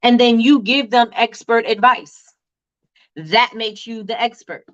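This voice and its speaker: A woman hosting a live business tips stream, chatting casually and reading viewer comments in a loud, animated way. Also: a little high, a little slow, lo-fi sound. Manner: loud, animated and repetitive, talks straight to viewers.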